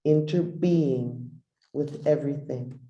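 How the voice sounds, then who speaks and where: A middle-aged woman, a meditation teacher, giving a dharma talk and softly guiding a meditation with long pauses. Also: extremely low pitch, muffled recording. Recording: roomy echo.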